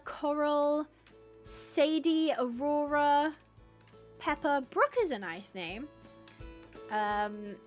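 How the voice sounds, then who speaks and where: A chatty woman livestreamer with a high, slightly bright voice plays a horse-rescue game in a casual stream. She reads out chat suggestions and coos at the animals.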